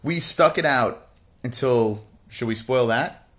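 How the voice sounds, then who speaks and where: A man's voice: medium pitch, slow pace, a bit bright. A man co-hosting a casual livestream, reading chat messages and rambling about a TV show with constant swearing and mocking jokes.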